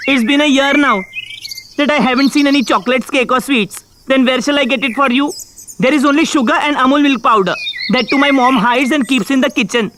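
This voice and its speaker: A man's voice: very high voice, fairly quick, background noise. A man voicing a cheeky, greedy young boy in a cartoon dub, talking eagerly and giggling. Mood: scheming. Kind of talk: cartoon dubbing.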